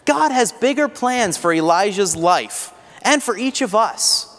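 Male pastor, earnest sermon delivery, slightly high voice, long hall reverb. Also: a bit bright, a little hiss or hum. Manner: earnest, rising to fervent rhetorical questions.

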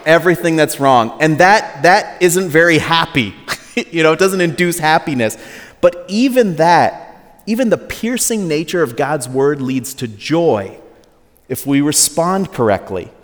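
A man preaching in a church sanctuary, his fairly high voice carried by the long reverb of a large hall. He talks to the congregation in an easy, joking way. He acts out quotes in a still higher voice. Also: animated, a little slow. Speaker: pastor. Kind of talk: sermon.

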